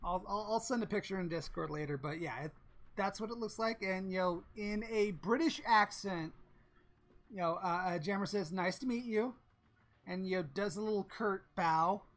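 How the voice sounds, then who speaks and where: A woman narrating a tabletop game as game master, halting and full of restarts. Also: mid-range voice.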